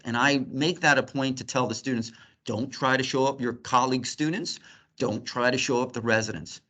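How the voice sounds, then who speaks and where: A man's voice: medium pitch, normal speed. Middle-aged man lecturing with humor. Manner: lively, joking teaching tone. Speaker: physician lecturer. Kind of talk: grand rounds lecture.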